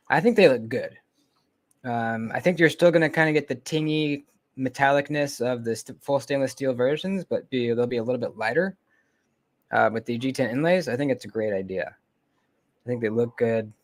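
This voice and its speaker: A man chatting casually on a live stream, close to his desk microphone. His pitch sits in an ordinary middle range, and he rambles, pauses often and lets his sentences trail away. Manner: relaxed, rambling, lots of ums and trailing off. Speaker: knife channel host. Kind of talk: casual livestream chat. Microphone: close desk mic.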